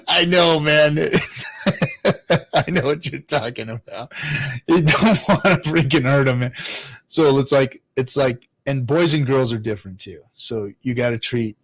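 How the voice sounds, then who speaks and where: A man who is a father hosts a casual livestream, reading chat and answering in a rambling, profane way. He laughs often and sometimes drops to low mutters. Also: a little slow, pauses often. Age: adult father.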